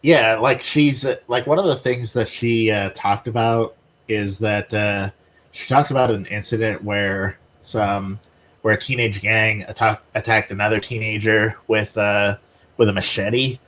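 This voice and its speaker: Low-voiced man explaining in halting bursts. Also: steady tone, a bit bright, slight background noise. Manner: halting, many fillers and restarts while explaining. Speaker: podcast co-host. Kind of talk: casual chat.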